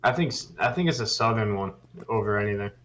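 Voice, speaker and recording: A man's voice: on the low side, expressive, quick pace, fairly bright tone. A young man co-hosting a podcast in casual chat, laid-back and teasing. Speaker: podcast co-host.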